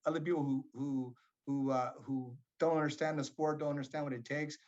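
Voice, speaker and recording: A man's voice: mid-range voice, little pitch movement, a little fast, darkish tone. A middle-aged man, the father and coach of a boxer, telling stories reflectively as an interview guest. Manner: reflective, storytelling. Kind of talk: casual interview chat. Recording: dull lo-fi audio.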